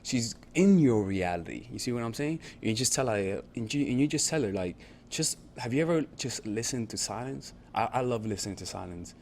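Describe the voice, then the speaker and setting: Male dating coach, casual instructional delivery, profane and repetitive, average-pitched voice, faint background hiss. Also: expressive, fairly quick, darkish tone. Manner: conversational, repetitive check-ins, profane.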